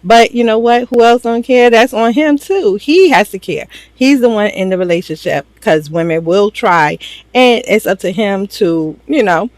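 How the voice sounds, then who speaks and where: A woman's voice: mid-range voice, expressive, moderate pace, dry recording. A woman casually recapping a TV drama episode for her viewers, gossipy and slangy, laughing often. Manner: slangy, talks straight to viewers.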